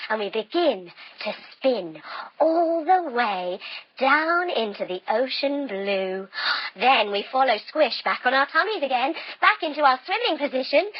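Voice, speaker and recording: A woman guiding children through yoga poses as an adventure story, playful and exaggerated, full of little sound effects. Her voice sits high and leaps wildly in pitch. The sound is dry and a little muffled. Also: no echo. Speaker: kids yoga teacher.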